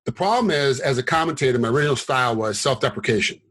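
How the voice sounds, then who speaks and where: A middle-aged man with a husky, slightly breathy voice and a mid-range pitch, talking as an interview guest. He tells rambling, animated stories with plenty of fillers and restarts, jumping into quotes with a raised voice. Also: fast, poor audio. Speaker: guest, former fighter turned commentator and referee. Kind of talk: casual interview storytelling.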